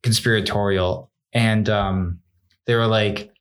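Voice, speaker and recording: A man's voice: lowish voice, fairly even intonation, slow pace, a bit bright. A young man co-hosting a podcast, chatting casually and rambling with lots of "like" and restarts. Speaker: podcast co-host. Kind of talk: casual chat.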